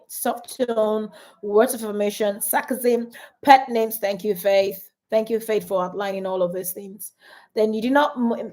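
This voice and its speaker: A woman coaching couples on a live stream, animated and repeating her points to the audience. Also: mid-range voice. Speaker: relationship coach.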